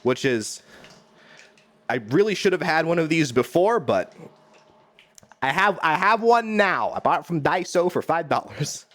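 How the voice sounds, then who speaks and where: A man's voice: fairly high pitch, lively intonation, measured pace, pauses often, a bit bright. A man streaming live from his home kitchen, rambling and joking at his own expense while he cooks and talks to chat.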